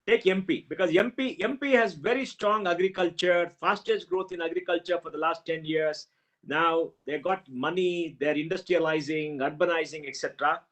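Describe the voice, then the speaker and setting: A man moderating a panel over a video call, briskly putting scenarios to the panelists. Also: a little high, fairly bright tone, low-quality recording.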